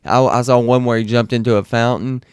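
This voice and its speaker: Young guy streamer, loose and profane, smooth voice, dry close sound. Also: mid-range voice, little pitch movement, a little fast, no echo. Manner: rambling and profane, many restarts. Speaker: streamer reacting to clips. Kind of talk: casual reaction stream.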